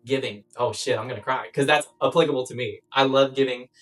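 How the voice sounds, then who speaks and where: A woman's voice: rumbling low, fairly quick. A young woman vlogging life tips in a blunt, playful way, swearing often. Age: young adult. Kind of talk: casual chat to camera. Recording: distant mic with background music.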